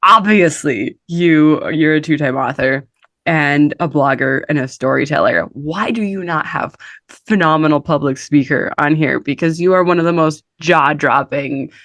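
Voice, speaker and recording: A woman's voice: low voice, normal speed, a bit bright, dry recording. A woman hosting a casual interview who reacts to her guest with eager praise. Her voice is recorded dry and close, with no room sound around it. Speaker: host.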